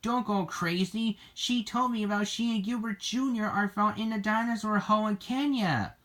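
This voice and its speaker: A reader voicing a mother on a farm in a storybook reading, with a gentle, soothing delivery. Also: mid-range voice, moderate pace, voice pushed up, natural voice.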